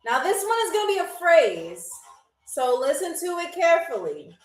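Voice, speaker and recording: A woman hosting a live-stream game show, playful and teasing with viewers, often slowing down to repeat words carefully. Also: extremely high pitch, big pitch swings, recorded from a distance. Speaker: game show host on a livestream. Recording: echoey room.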